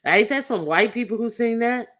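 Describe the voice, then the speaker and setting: A woman's voice: a little high, lively intonation, normal speed, fairly bright tone. A woman hosting a casual livestream panel chat, talking in a loose, joking, drawling way. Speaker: livestream host.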